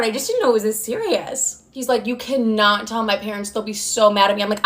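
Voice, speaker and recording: A woman's voice: medium pitch, steady tone, fast talker, sharp tone. A young woman telling a personal story in a casual, chatty way, swearing freely and acting out both sides of the dialogue.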